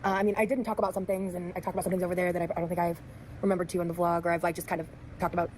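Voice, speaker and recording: A woman's voice: lowish voice, little pitch movement, very fast, darkish tone, rough recording. A tired young woman vlogging in casual, rambling chat with lots of fillers, played back from her video. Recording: vlog audio with clear background noise.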